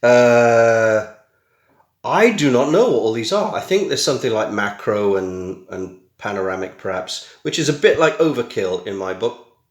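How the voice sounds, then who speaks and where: A middle-aged British man, a tech vlogger, chats casually through an unboxing in a small room at home, dropping wry, self-mocking asides. His voice sits at medium pitch with big swings in intonation and a normal pace, picked up by a camera mic with noticeable reverb.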